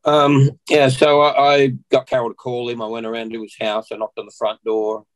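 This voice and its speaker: A man's voice: mid-range voice, moderate pace, low-quality recording. Australian man telling his story. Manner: animated storyteller who acts out what people said. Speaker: podcast guest. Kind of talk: personal storytelling in conversation.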